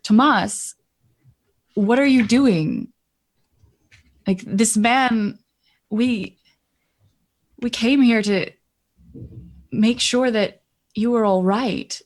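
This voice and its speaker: A woman's voice: on the high side, extremely slow, long pauses, a little mellow. A woman voicing a young noblewoman who confronts her king plainly, close to her own voice. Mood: concerned.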